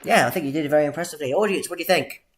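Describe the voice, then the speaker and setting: A man hosting a podcast quiz in a playful game-show manner, drawing out announcements and squeaking out jingle noises. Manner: theatrical, drawn-out announcements with sudden high-pitched jingles. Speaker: podcast host running a quiz.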